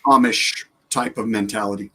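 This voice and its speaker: A man's voice: on the low side, fairly even intonation, normal speed, fairly bright tone, slightly rough. A man guesting on a casual podcast over a remote call, laid-back and agreeable. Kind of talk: casual chat. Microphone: remote call mic.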